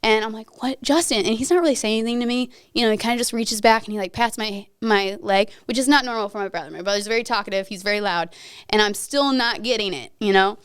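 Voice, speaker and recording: Give me a young woman on a podcast who retells her story vividly in a smooth, clear voice. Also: medium pitch, fast, no room sound, studio quality. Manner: earnest, vivid retelling that acts out her own and others' words. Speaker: guest. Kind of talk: personal story in a podcast interview.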